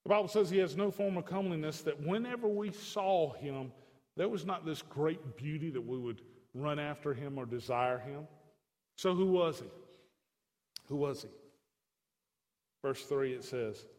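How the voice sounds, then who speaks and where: A man's voice: fairly high pitch, normal speed, pauses often, a little mellow. A man preaching a sermon as pastor, mixing folksy conversational asides with emphatic declarations, in a church sanctuary. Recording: long hall reverb.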